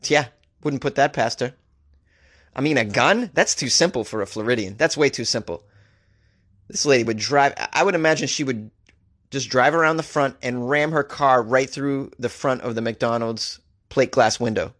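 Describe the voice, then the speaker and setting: A man's voice: mid-range voice, normal speed, fairly bright tone. A man hosting a comedy podcast, reading odd news stories aloud and riffing on them sarcastically, laughing at his own jokes. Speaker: podcast host. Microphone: studio microphone.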